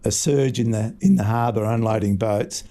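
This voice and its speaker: A man in his sixties with an Australian accent, a fish market owner telling relaxed stories in a casual interview. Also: on the low side, moderate pace. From Scotland. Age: 60s. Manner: relaxed anecdotal storytelling.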